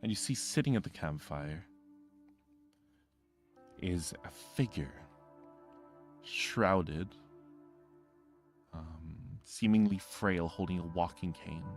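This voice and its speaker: A male game master narrating a tabletop role-playing scene in a deep, low voice. He talks slowly and rambles, correcting himself often, while soft music plays behind him. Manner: rambling, filler-heavy, self-correcting.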